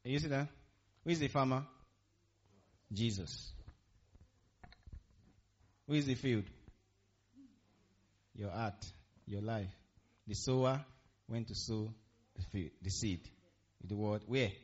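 A man's voice: lowish voice, slow, pauses often, dull audio. A man preaching a sermon to a congregation, asking the room questions and repeating key phrases for emphasis. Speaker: pastor. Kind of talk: interactive sermon.

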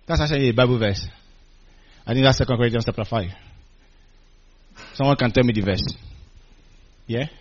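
A man preaching a sermon, animated and calling out to his congregation, chuckling between points. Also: mid-range voice, moderate pace, pauses often. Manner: animated, call-and-response with congregation. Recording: dull lo-fi recording.

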